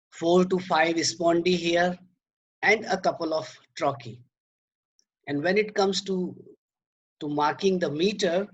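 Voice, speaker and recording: A man lecturing on poetry, slow and halting, repeating words and filling pauses as he explains. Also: a little high, highs cut off, a little hiss or hum.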